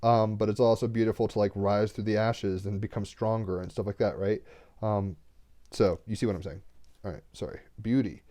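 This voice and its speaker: A man's voice: on the low side, steady tone, moderate pace, mellow. A young man reading cards on a home livestream, talking earnestly and rambling, sometimes near tears. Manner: rambling, earnest, fillers like "like" and "right?". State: tearful, getting emotional. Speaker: tarot card reader. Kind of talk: casual spiritual livestream talk.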